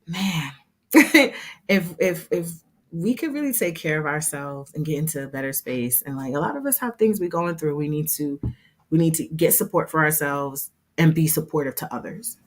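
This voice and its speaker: Chatty woman, lower voice. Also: moderate pace. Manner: chatty, heartfelt, expressive. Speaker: host and hair program instructor. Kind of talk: casual livestream talk.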